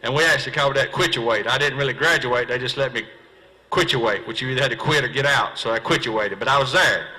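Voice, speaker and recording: Telling folksy stories to a live audience in a seminar hall, a Southern professional bass angler turns his fishing seminar into stand-up comedy. His bright, medium-pitched voice comes through poor audio as he jokes at his own expense, voices characters and hits quick punchlines.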